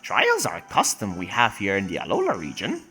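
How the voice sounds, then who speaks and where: A kindly, earnest professor from a video game speaks in a lowered, slowed voice, as a man puts him on. He explains things patiently, and a faint tune plays behind him. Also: wildly swooping pitch, sharp tone, soft background music, heavily acted. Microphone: phone.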